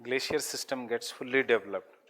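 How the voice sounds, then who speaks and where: A man with an Indian English accent teaching a geography class, dictating notes slowly, repeating phrases and spelling out terms letter by letter. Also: medium pitch, a bit bright, long reverb tail. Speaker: geography lecturer.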